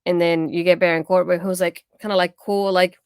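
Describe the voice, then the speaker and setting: A woman's voice: fairly low pitch, level tone, a little fast, clean tone, no room sound, clean studio sound. A woman co-hosting a podcast, chatting casually and relaxedly with lots of filler words. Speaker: podcast co-host. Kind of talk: casual chat.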